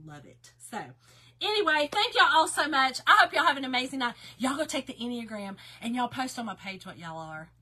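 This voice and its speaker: A woman with a Southern US accent hosting a live craft tutorial, chatting warmly with viewers and reading their comments aloud. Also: high-pitched. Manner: chatty and bubbly, reads viewer comments aloud, says y'all and girl. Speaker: craft host.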